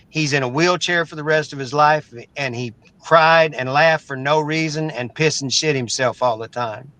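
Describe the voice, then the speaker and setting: A man's voice: a little high, sharp tone, no echo, low-quality recording. A middle-aged man from Oklahoma, a guest telling a story in a casual, blunt, profane way, often stumbling and repeating words. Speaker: interview guest.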